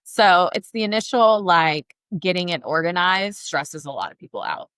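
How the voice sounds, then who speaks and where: A woman with a Southern accent, chatting as a podcast co-host in an upbeat, filler-heavy way. Her voice sits a little low but rings forceful and bright. The recording is close and dry. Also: moderate pace, clear, resonant tone, no room sound. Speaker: podcast co-host, travel advisor. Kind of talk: casual podcast chat.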